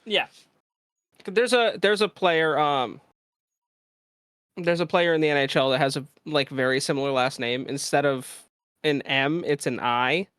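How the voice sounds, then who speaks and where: A woman co-hosting a casual stream chat, swearing freely and laughing between quick bits of banter. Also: deep voice, fairly bright tone, clear, resonant tone, no echo, studio quality. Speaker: podcast co-host.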